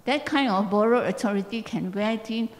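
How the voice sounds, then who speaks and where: A woman's voice: medium pitch, moderate pace. A woman, reading a passage aloud during a church seminar. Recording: long church hall reverb.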